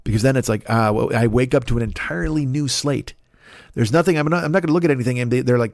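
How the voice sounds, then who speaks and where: A man's voice: mid-range voice, fast talker, no echo. A man, a comedian hosting his podcast, rambling through a playful, profane solo monologue on a close mic.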